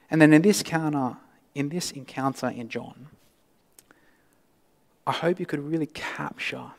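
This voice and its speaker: A male pastor delivering a sermon, swinging from loud emphasis to hushed, near-whispered lines. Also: medium pitch. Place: church. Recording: long reverb of a church hall.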